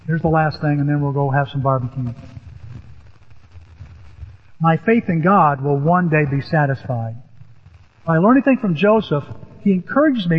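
Older pastor preaching in an echoey hall. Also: male voice, fairly high pitch, moderate pace, pauses often. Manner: animated, storytelling with sudden rises. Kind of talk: sermon. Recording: echoey hall, dull lo-fi sound.

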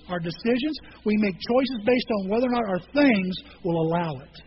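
A man delivers a sermon in a high, conversational voice, telling a personal story before pushing to emphatic peaks. The audio is slightly dull, with a faint hiss behind it. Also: animated, normal speed, few pauses. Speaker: pastor.

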